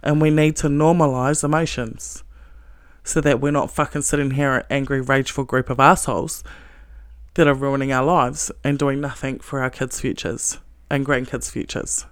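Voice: medium pitch, little pitch movement, moderate pace, dry recording, studio quality. A self-help speaker giving a blunt, heavily profane motivational monologue, earnest and emphatic, with short laughs.

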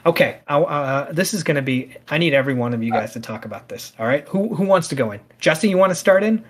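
A man hosting a casual podcast chat, talking in animated, heated rants. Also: fairly high pitch, fast. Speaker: podcast host.

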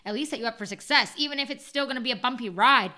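Woman, thirties, high voice, fast talker, animated storyteller, casual chat. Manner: animated storyteller, laughs often, acts out quotes. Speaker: guest sharing her birth story.

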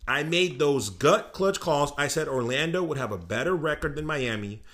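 A man co-hosting a sports podcast, talking in an excitable, boastful way about his favorite team. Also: fairly high pitch, normal speed. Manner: excitable, boastful fan talk. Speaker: podcast co-host. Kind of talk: casual sports chat.

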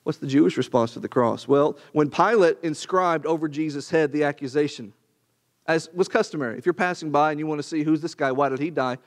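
An earnest man leads a Bible class in a sermon-like, conversational way. He leans on rhetorical questions and repeats his points. His voice sits a little high for a man. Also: a little fast. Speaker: preacher teaching a Bible class.

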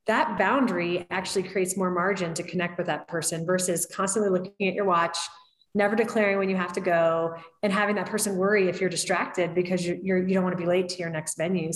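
Woman, thirties, brisk upbeat conversational delivery, roomy sound. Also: mid-range voice. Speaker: co-author guest on a talk show. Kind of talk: casual chat. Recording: echoey room.

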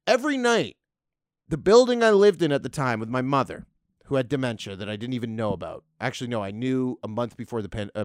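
A man's voice: medium pitch, animated, fast talker, no room sound, clean studio sound. A man in his thirties hosting a podcast, delivering a profane, sarcastic, rambling comedic rant monologue. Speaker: podcast host.

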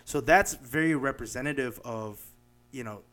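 A man co-hosting a podcast in a loose, casual chat. He rambles, restarts sentences and leans on fillers as he talks an idea through with examples. His pitch sits in an ordinary middle range. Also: normal speed, a bit bright. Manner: explains with examples. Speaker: podcast co-host.

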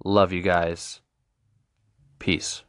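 A man's voice: low-pitched, flat delivery, drawn-out words, fairly bright tone, clear, resonant tone, no echo. A young man in his twenties closes out his solo podcast, taking his time and wandering from thought to thought. He sounds playful and sincere, in a close, dry voice. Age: 20s. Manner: playful, rambling, earnest. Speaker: podcast host. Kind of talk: casual solo podcast monologue.

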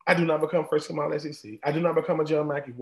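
A man's voice: fairly high pitch, steady tone, racing, echoey room. A man, a former college football player, telling stories casually and animatedly, often repeating and restarting phrases. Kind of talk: casual storytelling.

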